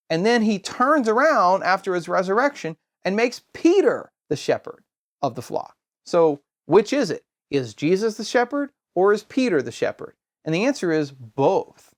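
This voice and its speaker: A man giving a scripture lesson in a steady explanatory way, posing rhetorical questions and pausing for emphasis. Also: sits high. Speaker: Bible teacher.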